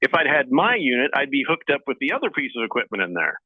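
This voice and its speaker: A man hosting a casual sports radio show, reading listener messages aloud in a jokey, lively way. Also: medium pitch, no room sound. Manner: jokey, lively, talks fast in spurts. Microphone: phone line into the studio. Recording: tinny phone line, dry.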